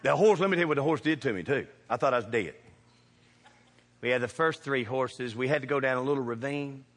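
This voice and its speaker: A man preaching a sermon, telling funny stories with animated shouts and laughter. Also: mid-range voice, fairly quick. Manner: animated, shouting bursts, laughing through punchlines. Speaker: pastor. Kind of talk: humorous storytelling sermon. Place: church sanctuary. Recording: reverberant church hall.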